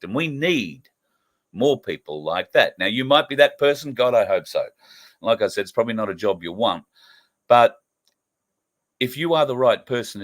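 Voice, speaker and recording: Brief: middle-aged Australian male host, lowish voice, earnest, emphatic political monologue with plenty of uhs. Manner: earnest, emphatic, with frequent fillers.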